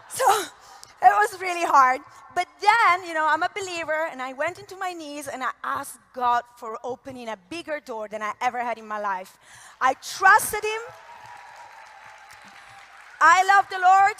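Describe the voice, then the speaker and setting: A woman with an Italian accent giving an animated, gushing motivational talk from a convention stage. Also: extremely high pitch, normal speed. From Italy. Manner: animated, gushing, lots of laughs. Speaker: conference speaker. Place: large convention hall. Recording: echoey hall reverb.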